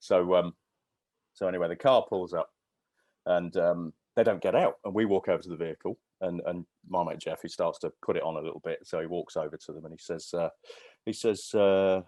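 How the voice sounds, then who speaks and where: A fifties-aged podcast guest tells stories in a casual chat, rambling with many fillers and restarts. His voice is low and a little mellow, with fairly even intonation and a brisk pace, and there's no echo.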